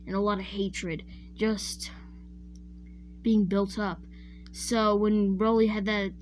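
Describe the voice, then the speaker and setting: A woman's voice: mid-range voice, a little mellow. Woman, casual fan storyteller, rambling, self-correcting, chats to viewers, faint background hum. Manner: rambling, often correcting herself mid-sentence; chatty, addresses viewers directly. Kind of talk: casual retelling of a fan-made what-if story.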